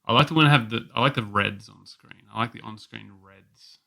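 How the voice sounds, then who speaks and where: Bright-voiced man riffing sarcastically. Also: medium pitch, a little fast, creaky. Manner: jokey, sarcastic, crude humor. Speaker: podcast co-host. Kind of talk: casual film review chat. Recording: quiet, softly recorded audio.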